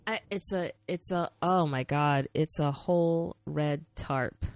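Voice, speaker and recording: A woman's voice: deep voice, takes it slowly, darkish tone, no room sound. A woman co-hosting a podcast whose first language is not English, talking in playful casual chat, sometimes searching for words and reaching for dramatic turns of phrase. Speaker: podcast co-host.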